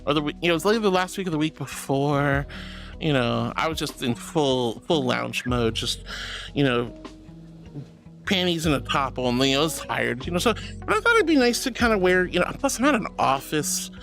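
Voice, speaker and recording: A woman's voice: sits low, sing-song, moderate pace, a bit bright, faint music behind. A woman streamer chatting casually and reading viewer comments, calling her viewers honey and darling and laughing often. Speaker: VTuber streamer.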